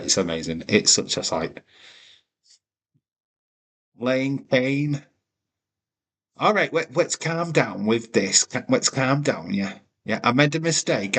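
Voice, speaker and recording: A man hosting a live stream at a slow, unhurried pace, talking in a middle register. He swears freely and trades playful, mock-offended banter with his viewers. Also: mid-range voice, lively intonation. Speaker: streamer hosting a wrestling watch-along. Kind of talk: casual live-stream commentary.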